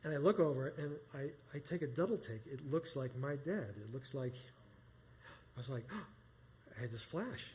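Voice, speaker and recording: A man's voice: medium pitch, lively intonation, normal speed, a little mellow, a little hiss or hum. A middle-aged man from New York telling a personal story live, rambling and conversational with many restarts. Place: small performance space.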